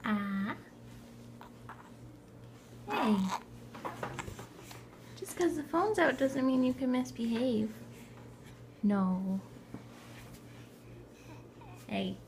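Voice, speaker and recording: A woman's voice: sits high, animated, very slow, long pauses, a little mellow, a little hiss or hum. A young woman at home feeding her baby, chatting to him in a playful, sing-song way on a home video. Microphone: camera filming nearby.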